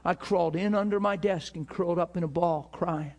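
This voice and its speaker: A man preaching to a ministry school, telling a story with emphatic, animated delivery and acted-out dialogue. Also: brisk. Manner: animated, emphatic, acts out dialogue with rising pitch. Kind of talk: sermon storytelling.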